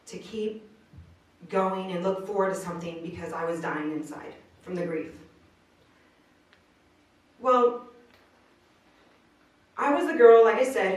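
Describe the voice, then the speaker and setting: Woman, motivational speaker, earnest casual storytelling, mid pitch, distant mic, live room echo. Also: lively intonation, a little slow, long pauses. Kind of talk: inspirational speech. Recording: roomy distant live recording.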